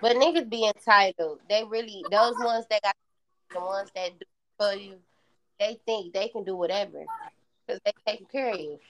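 A woman in casual chat with a friend, blunt and animated, acting out the lines she quotes. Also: mid-range voice, moderate pace, slight background noise.

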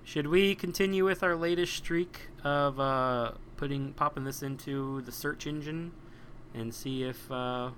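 A man's voice: a little high, steady tone, unhurried, fairly bright tone, slight background noise. A man co-hosting a podcast in casual, rambling chat, joking as he restarts his sentences. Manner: rambling, jokey, restarts often. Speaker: podcast co-host.

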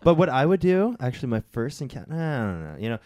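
A man's voice: medium pitch, big pitch swings, fast talker, a little mellow. Young guy guest on a podcast, laid back, voice jumps up and down a lot. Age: 20s. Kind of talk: casual podcast chat.

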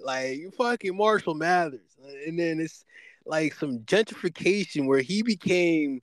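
A man co-hosting a podcast, talking in a rambling, animated way and jumping high when excited. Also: a little slow, dry recording. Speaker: podcast co-host. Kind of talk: casual debate chat.

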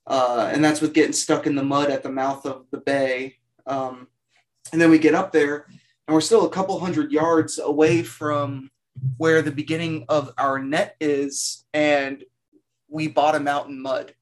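A man telling a long work story in a rambling, animated way, full of "like" fillers. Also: on the high side, unhurried. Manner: animated, self-mocking storyteller. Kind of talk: casual storytelling.

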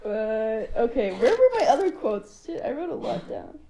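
A woman's voice: a little high, sing-song, moderate pace, mellow, slight background noise, rough recording. A young woman in her twenties from Kentucky, co-hosting a podcast in chatty, candid talk with frequent laughter. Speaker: podcast co-host. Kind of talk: casual chat.

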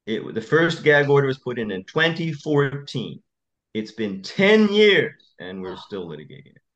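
A man, an attorney, speaking as a guest in a podcast interview and telling stories in an impassioned, animated way. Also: mid-range voice, moderate pace, lo-fi sound.

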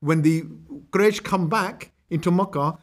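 A man's voice: high voice, measured pace. A man giving a storytelling religious history lecture, conversational and acting out quotes. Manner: lively, conversational, acts out quotes.

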